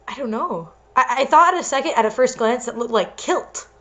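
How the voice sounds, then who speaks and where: A woman's voice: a little high, lively intonation, moderate pace, fairly bright tone. A young woman doing a comedic reading of a story, breaking off into giggly asides. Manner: giggly, interrupts herself with asides. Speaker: reader and co-host. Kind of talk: comedic dramatic reading with commentary.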